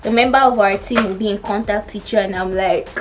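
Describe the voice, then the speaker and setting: A young woman with a Nigerian accent telling a story to camera in an animated way, acting out what people said. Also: medium pitch, a little fast, heavy background noise. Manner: animated storytelling, acts out quotes. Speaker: vlogger. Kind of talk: storytime chat.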